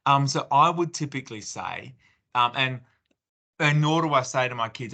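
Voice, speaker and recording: An Australian man talks through parenting advice in a loose, conversational webinar style, often acting out what he says to his kids. His voice sits at an average pitch for a man and has a bright, clear edge. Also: moderate pace. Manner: conversational, acts out parent-child exchanges with many fillers and restarts. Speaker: parenting speaker. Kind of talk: webinar talk.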